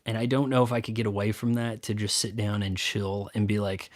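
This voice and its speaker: A man's voice: on the low side, little pitch movement, brisk, few pauses, no echo. Rambling man, dry close sound. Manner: rambling, stop-start, sarcastic asides. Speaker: youtube host. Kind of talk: casual solo chat answering viewer questions.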